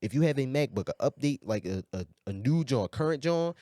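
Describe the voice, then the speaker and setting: A man talks in slang as a podcast guest. His voice sits at a middle pitch and sounds dry and close, and he presses his points and keeps checking in with "you feel me". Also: animated, brisk, mellow, no echo. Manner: slangy and emphatic, often asks "you feel me". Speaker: guest musician. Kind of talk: casual podcast conversation.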